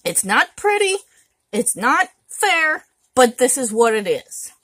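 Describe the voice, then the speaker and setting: A woman's voice: sits high, big pitch swings, slow, fairly bright tone, no echo. A woman vlogger delivering an indignant, emphatic rant straight to camera, repeating words for stress.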